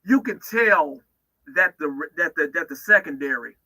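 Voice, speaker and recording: A man's voice: fairly high pitch, lively intonation, moderate pace, bright, forceful tone, rough recording. A man giving opinionated football analysis on sports talk radio, emphatic and often restarting his phrases.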